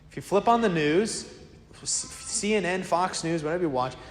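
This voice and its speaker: A man preaching a sermon as a priest, telling stories in a lively, conversational way. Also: sits high, normal speed. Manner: lively storytelling, acts out quoted voices; casual, conversational preaching to a congregation. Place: church. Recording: echoey church with long reverb.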